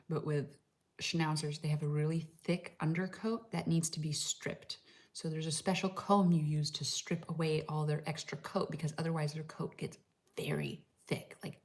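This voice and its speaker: A woman's voice: deep voice, a little mellow. A woman talking through her week in a casual vlog, chatty and full of "like" fillers, sometimes dropping to a whisper. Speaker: vlogger. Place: home in Slovenia.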